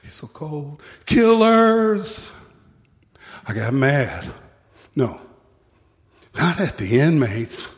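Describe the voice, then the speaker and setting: A man who worked as a corrections officer telling a personal story on stage in a slow, deliberate, solemn way. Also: medium pitch, animated. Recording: long hall reverb.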